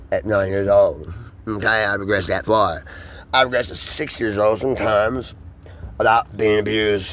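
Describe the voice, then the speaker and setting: A man in a rambling, profane solo monologue, his pitch swinging between high and low. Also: a bit bright, slight background noise. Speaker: vlogger.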